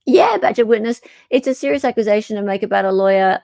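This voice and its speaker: A woman's voice: medium pitch, fast, creaky, few pauses, a little mellow. An Australian woman hosting a casual livestream, chatting, reading court documents aloud and reacting to viewer comments. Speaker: host.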